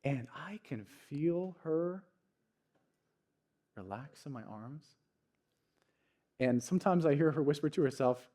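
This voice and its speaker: A young adult man with a notably high voice delivers a church sermon. He tells stories earnestly, sinking to near-hushed lines and then lifting into raised, emphatic passages. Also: lively intonation, slow, pauses often. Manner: earnest, storytelling with dynamic swings from hushed to raised. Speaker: pastor.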